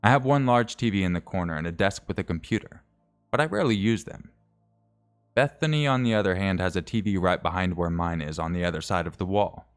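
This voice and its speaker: A man's voice: deep voice, a little fast. A man streaming, reading a scary story aloud in a casual way, correcting his slips and adding wry asides.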